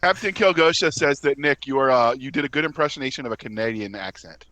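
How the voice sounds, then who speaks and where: Bright, playful male player. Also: mid-range voice, fast, poor audio. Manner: playful, reads chat aloud. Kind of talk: casual tabletop game chat.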